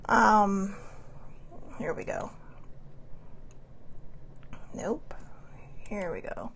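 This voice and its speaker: A woman's voice: medium pitch, animated, drawn-out words, creaky, background noise. A middle-aged woman hosting a casual live talk show, chatting loosely and reading passages aloud. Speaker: host.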